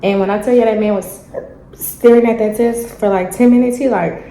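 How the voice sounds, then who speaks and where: A young woman, telling a story in a casual, animated vlog chat and acting out the dialogue. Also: fairly high pitch, normal speed, roomy sound, noisy background. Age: young adult. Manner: animated, chatty, acts out dialogue. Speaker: vlogger. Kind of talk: casual storytelling while eating.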